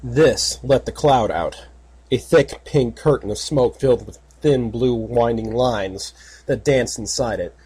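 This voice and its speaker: Husky man narrating an audiobook. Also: mid-range voice, measured pace, darkish tone. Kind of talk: fan fiction audiobook narration.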